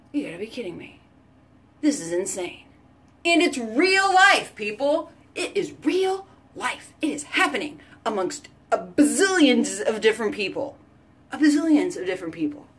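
A woman hosting an excited sales chat for viewers, gushing and repeating phrases for emphasis with breathless exclamations. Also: a little high. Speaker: host selling beauty products.

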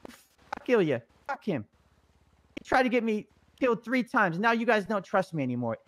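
A man's voice: sits high, sing-song, moderate pace, fairly bright tone, slight background noise. A man in a heated improvised roleplay, pleading and swearing constantly in a frantic way. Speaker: roleplay character Stevie.

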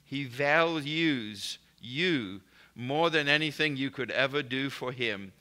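A man's voice: medium pitch, animated, takes it slowly, bright, forceful tone. A man preaching a recorded sermon in an emphatic, declarative way, speaking blessings and prayers over his listeners.

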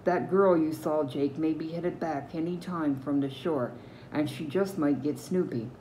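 A woman with a Newfoundland accent reading the lines of a gruff male thief ringleader, growling and sneering. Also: sits low, unhurried, dark tone, a little hiss or hum, rough recording. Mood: ordering.

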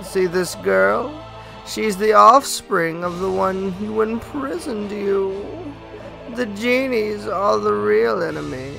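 A man's voice: high voice, slow pace, creaky, music in the background, voice pushed up, exaggerated voice, rough recording. A man reading the lines of a scheming female pirate captain in a game, in a theatrical, imperious way. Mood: defiant. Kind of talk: let's play dialogue reading.

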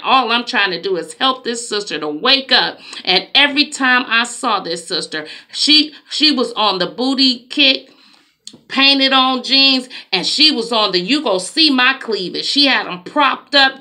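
Woman, preacher, emphatic sermon, slow, bright voice. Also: medium pitch. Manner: slow, emphatic, conversational preaching with dramatic asides. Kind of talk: preaching monologue.

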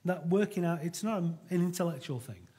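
Middle-aged male preacher, husky and a touch high-pitched, earnest and conversational sermon delivery. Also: expressive, moderate pace, mellow. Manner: earnest and conversational, with frequent restarts.

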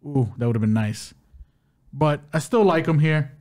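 A man's voice: fairly high pitch, measured pace. A man co-hosting a podcast, chatting casually and loosely, with plenty of slang. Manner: loose, animated, uses slang. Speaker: co-host. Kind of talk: casual betting podcast chat.

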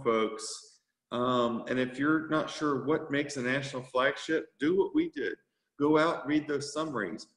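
A man who leads a youth sailing group, giving a brisk, upbeat motivational talk to a meeting. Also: medium pitch, a bit bright, echoey room, low-quality recording. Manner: brisk and upbeat, rushing to fit his time. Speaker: sea scout skipper giving a presentation.

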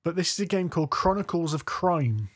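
Man, podcast co-host, a little higher voice, rambling casual chat. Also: animated, fairly quick. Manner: rambling, self-correcting, goes off on tangents. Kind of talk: casual chat about tabletop games. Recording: podcast audio.

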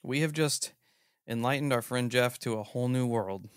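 Animated male podcast host, dry sound. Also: mid-range voice, moderate pace, smooth, dry recording. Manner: animated, incredulous teasing. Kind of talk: casual chat.

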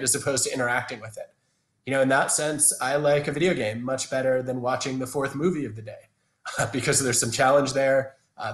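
A man's voice: medium pitch, reverberant. A man in his thirties giving thoughtful, explanatory answers as an interview guest, with frequent restarts, over a video call. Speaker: guest, organizational psychologist.

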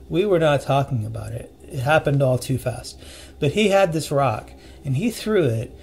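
A man of ordinary pitch recounts a strange night in a casual, spoken storytelling manner. He talks earnestly and haltingly, stopping and restarting as he digs up vivid details. A faint hiss of noise sits under his voice. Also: darkish tone. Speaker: storyteller recounting a personal ghost encounter.

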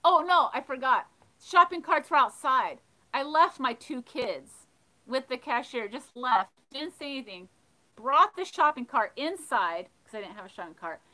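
A woman hosting a livestream, casually telling funny stories and reading chat, animated and laughing. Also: high-pitched, moderate pace, low-quality recording. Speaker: livestream host of a thrifting channel. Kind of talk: casual storytelling while reading live chat.

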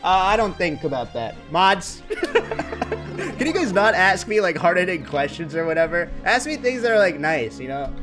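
A man streaming a game in casual chat, often breaking into giggles and dropping into a hushed mock-serious voice. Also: sits high, wildly swooping pitch, normal speed, over music. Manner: giggly, breaks into fits of laughter. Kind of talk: casual livestream chat while gaming.

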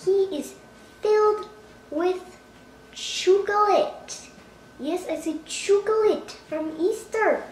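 A woman's voice: extremely high pitch, slow pace, darkish tone, recorded from a distance, a little hiss or hum. A woman hosting a comedic spoof vlog at home, talking in a playful, mock-dramatic way with exaggerated gasps and alarm. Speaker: vlogger. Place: at home indoors. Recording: echoey room, voice from off-mic.

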